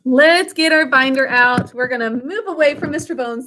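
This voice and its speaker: A woman's voice: sits high, moderate pace, background noise. A woman teaching a reading and spelling lesson over a video call, sounding out words syllable by syllable and encouraging her pupils.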